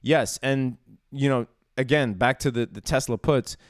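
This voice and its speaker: A man's voice: medium pitch, unhurried, dry recording, studio quality. A man hosting a live-stream on the stock market, talking in an emphatic, casual way and often tossing in "dude" and "right?". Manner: emphatic, chatty, says "dude" and "right?" a lot.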